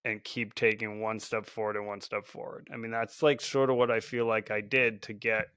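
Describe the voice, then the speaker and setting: Earnest man with a bright voice. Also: lowish voice, level tone, moderate pace, clear, resonant tone, no echo, studio quality. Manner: earnest, reflective, often hedging with "like". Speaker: podcast guest, founder of a support group. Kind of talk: casual podcast conversation.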